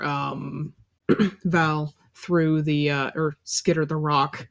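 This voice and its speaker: A woman casually playing a tabletop game, who talks in a relaxed, chatty way. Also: sits low, extremely slow. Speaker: player.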